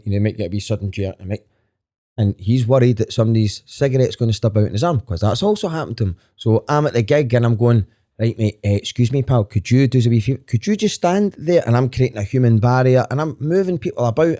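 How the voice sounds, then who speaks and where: A mid-range, mellow male voice belongs to a Scottish comedian in his thirties who is guesting on a podcast. Frank and earnest, he swears offhandedly while telling stories in a candid, conversational style.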